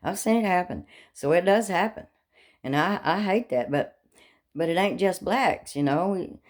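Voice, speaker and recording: A woman's voice: fairly low pitch, lively intonation, a little slow. A middle-aged woman telling rambling personal stories in a talkative way, with morbid jokes and frequent laughs. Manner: talkative, darkly joking, laughs often. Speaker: vlogger telling life stories.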